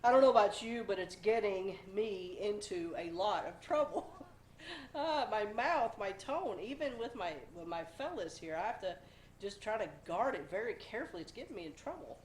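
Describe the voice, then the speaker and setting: A woman in her forties talks through a casual devotional with chatty, self-deprecating asides. She is a bit under the weather, and her voice has a middling pitch. The room sounds roomy and echoey, with a faint background hiss. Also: animated, normal speed, a little mellow. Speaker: devotional host. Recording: roomy, slightly echoey home recording.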